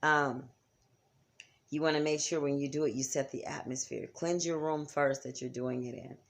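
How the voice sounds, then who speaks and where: A woman's voice: sits low, fairly even intonation, moderate pace. A woman giving a chatty, casual lesson on spiritual practice, often checking in with her listeners. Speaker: psychic teacher. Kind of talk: casual instructional talk.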